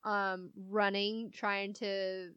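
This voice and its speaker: A woman speaks in an unhurried, smooth and clear voice on a casual movie-review chat. She rambles through plot retellings with lots of "like" and frequent giggles, and her sound is close and dry. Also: mid-range voice, flat delivery, dry recording, lo-fi sound. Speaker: podcast co-host.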